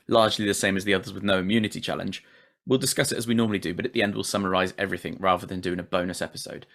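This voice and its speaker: A man's voice: lowish voice, vocal fry, fairly bright tone. A man hosting a casual podcast recap, chatty, laughing often and swearing casually. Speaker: podcast host.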